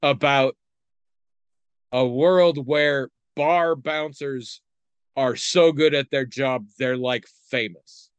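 A man's voice: mid-range voice, slow pace, smooth, dry recording, highs cut off. Man, podcast host, casual and wry, lots of filler, dead-dry close mic. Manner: rambling, wry, many fillers. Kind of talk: casual chat.

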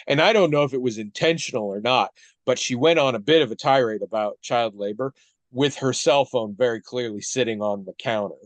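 A man's voice: mid-range voice, animated, normal speed, no echo. A man in casual podcast chat, retelling something at length with asides and frequent restarts. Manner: conversational, restarts often, retells story with asides.

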